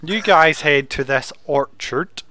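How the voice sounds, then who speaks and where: A man's voice: a little high, slow, pushed and bright, slight background noise. A man running a tabletop game as dungeon master, loose and swearing as he reads through the adventure aloud.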